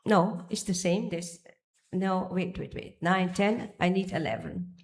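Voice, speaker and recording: A woman's voice: lowish voice, unhurried, darkish tone. Woman giving a devotional temple lecture. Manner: searching for pages, restarting phrases. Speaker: speaker giving a temple class. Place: temple hall.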